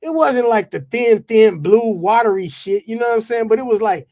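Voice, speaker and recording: A man guest on a podcast telling animated stories in heavy profane slang. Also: high voice, moderate pace. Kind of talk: casual storytelling.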